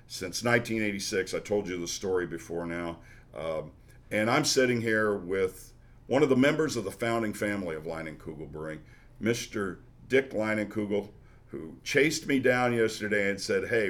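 A man's voice: on the low side, moderate pace. A man hosting a podcast, chatty and easygoing, often restarting his sentences. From Missouri. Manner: chatty, with frequent restarts and fillers. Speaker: podcast host. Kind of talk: casual interview.

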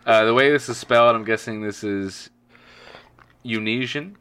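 A man's voice: lowish voice, moderate pace, smooth, dry recording. A young man co-hosting a podcast in casual, jokey chat. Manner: animated, bright, jokey. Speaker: podcast co-host.

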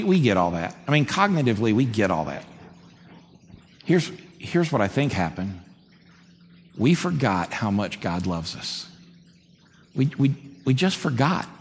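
A man preaching a sermon as a pastor, conversational and animated. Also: mid-range voice. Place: church sanctuary. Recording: long hall reverb, faint background noise.

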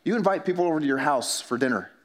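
A man's voice: a little high, lively intonation, fast talker. Humorous man preaching a sermon. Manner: conversational preaching with humor and mock dialogues. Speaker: pastor.

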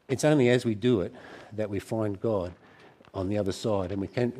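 Man, preacher, lowish voice, conversational sermon, restarts often. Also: a little mellow. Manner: conversational, with frequent restarts and fillers.

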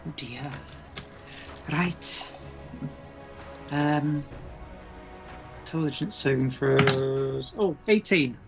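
A woman's voice: rumbling low, very slow, pauses often, over music. A woman playing in a tabletop game, talking in a dry, prim and fussy way. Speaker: player. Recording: muffled lo-fi mic.

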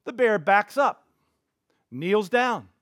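A man preaching as a pastor, telling a story in an animated way with big swings in loudness. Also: sits high, takes it slowly, no echo, clean studio sound. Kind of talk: sermon storytelling. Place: church.

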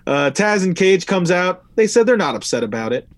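A man's voice: high-pitched, very animated, normal speed, no echo. Male podcast host, casual rambler, swears freely, dry close recording. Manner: loose and rambling, reads from notes, swears casually. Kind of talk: casual wrestling recap chat.

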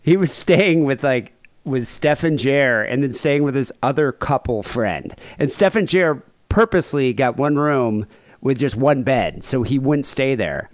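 A man hosting a podcast, chatting casually and telling gossip in an animated way. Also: medium pitch, a little slow, no room sound, studio quality. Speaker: podcast host.

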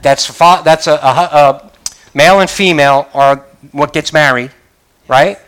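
An older male pastor delivers a sermon in a notably high voice. He preaches with emphatic, rising conviction and punctuates points with hallelujahs. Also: unhurried, fairly bright tone, clear, resonant tone. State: choked up.

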